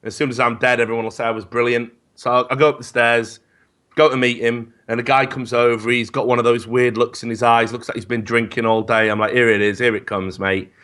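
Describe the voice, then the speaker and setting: A man telling stories in casual podcast chat, animated and profane, often stammering as he starts. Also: mid-range voice, brisk. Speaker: esports commentator guest.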